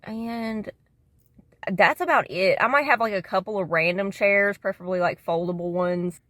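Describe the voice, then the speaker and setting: A woman talking straight to camera in a loose, rambling vlog. Her speech is slangy and full of swearing, and she keeps calling the viewer "dude". Her pitch is an everyday middle pitch for a woman. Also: moderate pace, sharp tone, no echo, clean studio sound. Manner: slangy and profane, says "dude" a lot. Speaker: vlogger. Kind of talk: casual rambling monologue.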